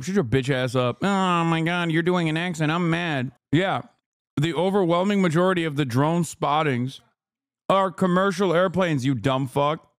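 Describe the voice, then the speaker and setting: A man's voice: a little high, clear, resonant tone. A male streamer giving heated, profane, sarcastic commentary and arguing with his chat. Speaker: streamer reacting to a video.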